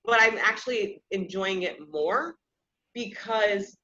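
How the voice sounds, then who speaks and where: Candid woman host, bright lo-fi voice. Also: mid-range voice, slow pace. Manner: candid, self-deprecating, often laughs at herself. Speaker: podcast host. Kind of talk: casual personal storytelling. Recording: slightly dull lo-fi sound.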